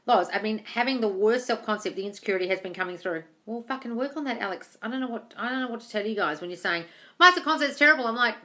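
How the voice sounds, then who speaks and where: Speaking fast with few pauses, this woman has a mid-range voice and a fairly bright tone. She's a manifestation coach on a live stream who reads viewer comments aloud, answers them bluntly, swears a lot, and calls everyone darling.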